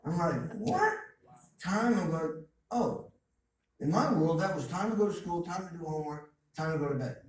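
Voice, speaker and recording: A man's voice: fairly high pitch, brisk, a little mellow. A man giving an emphatic motivational talk full of stories and repeated phrases, as a guest speaker at a college. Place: college lecture hall. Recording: distant, echoey hall with faint noise.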